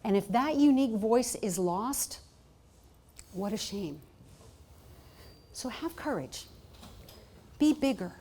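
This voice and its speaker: A woman speaking as a keynote at a conference, telling personal stories with energy. She slips into quoted voices as she goes, pitch jumping up for the people she plays. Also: slow pace, long pauses, slightly rough. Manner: animated, acts out quoted voices. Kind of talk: storytelling conference speech. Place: conference hall.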